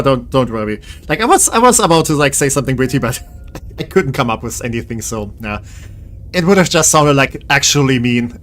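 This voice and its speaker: A man's voice: medium pitch, fairly bright tone. A man live-streaming a game, tired and rambling as he jokes with his chat in a self-deprecating way.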